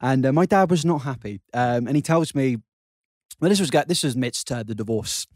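A man's voice: mid-range voice, expressive, fairly quick, a little mellow, dry recording, studio quality. A young man co-hosting a comedy podcast, telling crude stories full of swearing and cackling. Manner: rowdy, swearing, cackling storyteller. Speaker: podcast co-host.

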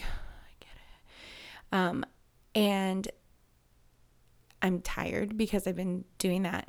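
A woman's voice: fairly low pitch, a little mellow. A woman in her thirties talking openly and emotionally in a personal conversation, rambling and restarting as she works through her feelings.

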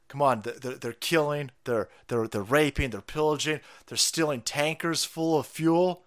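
A man's voice: medium pitch, normal speed, a bit bright. A man giving sarcastic, foul-mouthed live-stream commentary in a mocking, ranting manner.

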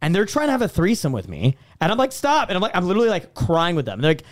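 A man's voice: sits high, rapid-fire, no room sound, clean studio sound. A young man chatting casually on a podcast, telling stories and acting out quotes with lots of filler words. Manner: animated storytelling, acting out quotes. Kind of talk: casual chat.

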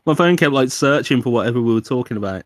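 British man, podcast co-host, lively sing-song delivery, close dry mic, crude jokes. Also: mid-range voice, fast, dry recording. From United Kingdom. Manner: joking, swearing, mock robot voices. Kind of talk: casual podcast chat.

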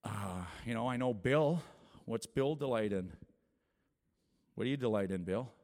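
A middle-aged man with a gravelly edge prays and shares his testimony at church. He talks in a loose, chatty way, laughs often and slips into acted voices. Long reverb from a large hall trails after his words. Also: medium pitch, animated, unhurried, darkish tone. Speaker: worship leader giving a testimony. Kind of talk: prayer and personal testimony talk.

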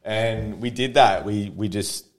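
A young adult man, a podcast guest telling stories casually, animated and laughing often. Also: lowish voice, takes it slowly. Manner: animated, laughs often, acts out quotes in a raised voice. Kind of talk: casual storytelling.

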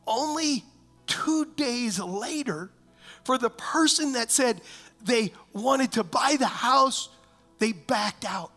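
A man's voice: very high-pitched, lively intonation, slow pace, pushed and bright, faint music behind. A man, a pastor, preaching a sermon in church, telling a personal story and often asking the congregation whether they know what he means.

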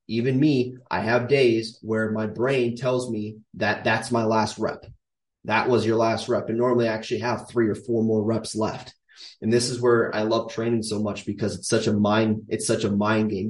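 A man's voice: medium pitch, far from the mic. Emphatic male fitness coach in echoey room. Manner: emphatic, coaching, repeats key points. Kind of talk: casual instructional talk to camera.

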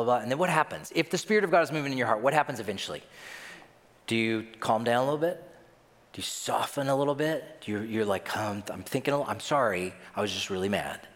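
A man's voice: medium pitch, a bit bright, big-room sound. A man preaching a sermon as pastor, who acts out voices and reactions of the people in his story. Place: church.

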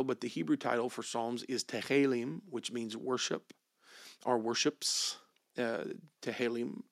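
A man's voice: medium pitch, creaky, fairly bright tone, no echo, studio quality. A male pastor preaching a sermon, repeating key phrases and leaning hard on them for emphasis.

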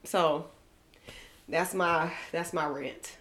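A young woman co-hosting a podcast in casual chat, animated and often laughing as she rants. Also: low-pitched, drawn-out words. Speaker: podcast co-host.

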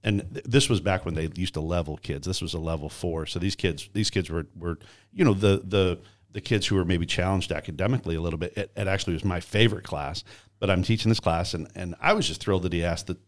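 Deep-voiced male podcast host storytelling. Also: fast talker. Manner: animated storyteller, acts out quoted voices. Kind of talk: conversational interview storytelling.

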